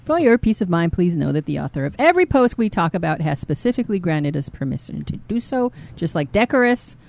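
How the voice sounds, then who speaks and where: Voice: mid-range voice, big pitch swings, brisk, creaky, a little mellow. Podcast host reading a listener post. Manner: laughs often, reads posts aloud.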